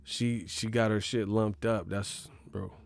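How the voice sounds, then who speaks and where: A man delivering a profane comedic rant, swinging between loud outbursts and hushed whispers. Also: fairly low pitch, little pitch movement, a little slow, creaky.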